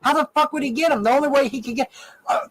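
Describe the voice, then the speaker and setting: A man's voice: very high voice, quick pace, rough recording. A middle-aged man from Ohio ranting angrily in a profane, repetitive stream monologue. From Ohio, USA. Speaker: online show host in archived clip.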